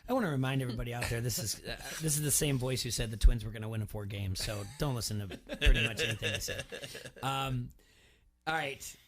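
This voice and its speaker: A man's voice: mid-range voice, fast, fairly bright tone. A man hosting a sports radio show, chatting casually and teasing his co-hosts, often laughing and restarting his lines. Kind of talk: casual sports chat, picking spreads.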